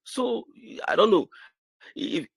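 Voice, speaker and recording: A man's voice: sits high, big pitch swings, slow, creaky, a bit bright, husky, no room sound. A middle-aged man with a Nigerian accent, giving a preachy motivational talk to his business group with many restarts and repeated phrases. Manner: preachy and repetitive, stammers and restarts.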